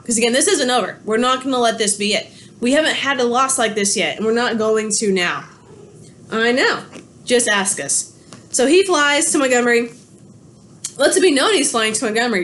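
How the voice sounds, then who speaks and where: Chatty high-voiced woman lecturing from home. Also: a bit bright, a little hiss or hum. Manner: conversational storytelling, self-correcting. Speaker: history lecturer. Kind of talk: recorded online lecture. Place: home with pets.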